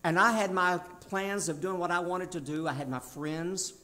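A man's voice: sits high, moderate pace, pushed and bright. A man in his sixties from Tennessee with a Southern accent, preaching a sermon in a folksy, emphatic way with self-deprecating humor. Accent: Southern American. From Tennessee, USA. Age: 60s.

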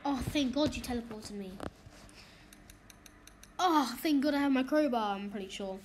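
Excitable high-voiced woman gaming. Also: a little hiss or hum, poor audio. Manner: excitable, quick, complaining, jokey. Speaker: gamer, video host. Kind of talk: casual gaming commentary. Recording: game music playing loudly underneath. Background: game music.

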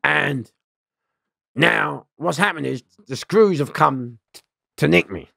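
A man's voice: a little high, takes it slowly, creaky, a bit bright, husky, dry recording, studio quality. A middle-aged man, telling rambling, slangy prison stories in a casual interview, swearing and laughing often.

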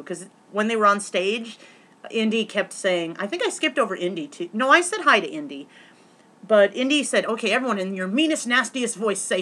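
A woman vlogger rambling through a story in casual chat, excitable, with many fillers and restarts. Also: medium pitch, normal speed.

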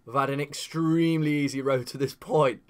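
A young man commentating his own football video game career with lively, animated energy and sudden shouts. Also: fairly high pitch, normal speed, clear, resonant tone. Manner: animated, shouts at big chances. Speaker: gaming YouTuber. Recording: faint guitar music behind.

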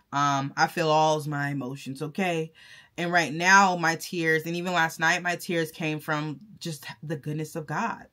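A woman's voice: low voice, sharp tone. A woman talking to her viewers in a casual vlog, chatty and effusive, full of fillers and restarts. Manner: effusive and emotional, talks straight to viewers. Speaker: vlogger and content creator. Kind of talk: casual vlog talk to camera.

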